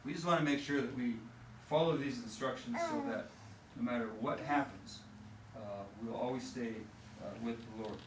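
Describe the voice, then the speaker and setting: A man, a pastor, preaching a conversational sermon with many fillers and restarts, and reading scripture more slowly in a raised voice. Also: mid-range voice, fairly even intonation, a loud crowd. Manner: reads scripture in a slower, raised voice. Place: church sanctuary. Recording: echoey church sanctuary, mic at a distance, noisy.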